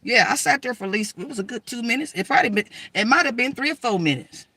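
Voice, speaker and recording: Woman storyteller, animated and emphatic, slangy and loose, with a tense, forceful voice. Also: a little high, quick pace, slightly rough, no echo. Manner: animated, emphatic, addresses listeners as girl and y'all; slangy, profane, rambling. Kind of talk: casual personal storytelling.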